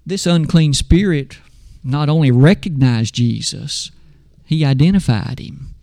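A man delivering a sermon, reading scripture aloud with slow, emphatic pauses. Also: on the high side, gravelly, darkish tone, no room sound, studio quality. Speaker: preacher.

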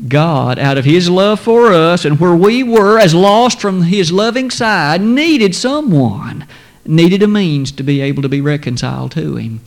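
A man delivers a sermon, quoting scripture in old-fashioned wording. He is emphatic, his voice swelling loud and high on key words before dropping to a near whisper.

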